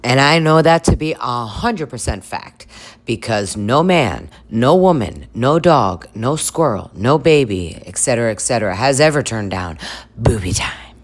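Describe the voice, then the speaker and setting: A woman riffs through comedic reaction commentary in a strikingly deep, low voice. She is chatty and crude, laughing at her own jokes. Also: lively intonation, normal speed. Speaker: commentary vlogger.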